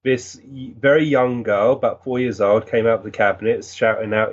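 Male guest, earnest animated storyteller, mid pitch, lo-fi dull audio. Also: moderate pace. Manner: earnest, animated, recounting with many restarts. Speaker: guest, physical medium. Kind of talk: storytelling in conversation.

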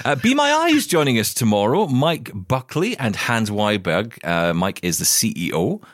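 A man co-hosting a casual radio chat show, animated and rambling, with frequent restarts and chuckles. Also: mid-range voice, normal speed, no room sound, clean studio sound. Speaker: co-host.

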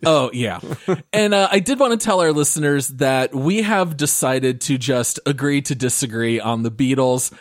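A man's voice: mid-range voice, moderate pace, no room sound. Upbeat man hosting a podcast, dry sound. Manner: laughing, upbeat, runs the housekeeping segments. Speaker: podcast host. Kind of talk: casual gaming podcast chat.

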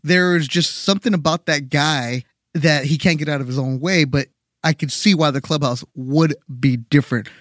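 Sports podcast host, male, fairly high voice, upbeat and chatty, dry close sound. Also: normal speed, no room sound. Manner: energetic, upbeat hype in intro, then conversational questions.

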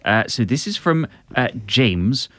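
A man's voice: mid-range voice, big pitch swings, a little slow, fairly bright tone, slight background noise. A man co-hosting a casual advice podcast, hesitant and agreeable, often restarting his words. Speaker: podcast co-host.

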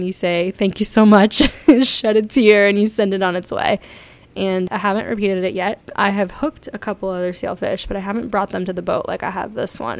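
A young woman from South Florida telling stories casually to her viewers, chatty and excitable, laughing often. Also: medium pitch. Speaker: vlogger. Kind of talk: casual storytelling.

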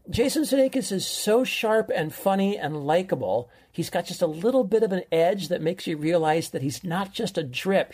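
A man's voice: high-pitched, a little mellow, breathy edge. A middle-aged man co-hosting a podcast, chatting casually and enthusiastically as he recommends a show. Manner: enthusiastic, rambling storyteller. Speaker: podcast co-host, film recommender. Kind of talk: casual chat.

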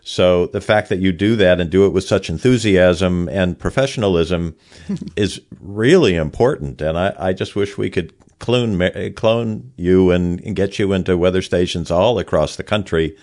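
A man's voice: low-pitched, moderate pace. A man co-hosting a podcast, speaking earnestly and at length to thank the guest. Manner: warm, earnest, long-winded thanks. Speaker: podcast co-host. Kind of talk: casual podcast chat.

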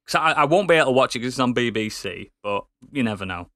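A man's voice: mid-range voice, animated, quick pace, a bit bright, no room sound, studio quality. A man chatting casually on a podcast, joking and teasing. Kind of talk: casual chat.

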